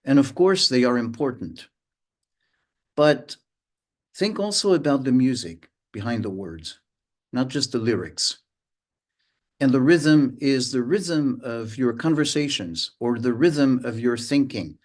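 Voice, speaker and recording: Unhurried man teaching with pauses. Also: medium pitch, lively intonation, darkish tone. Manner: unhurried, pauses often, hums and vocalizes rhythms to illustrate. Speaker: mindfulness teacher. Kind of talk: slow, reflective lesson.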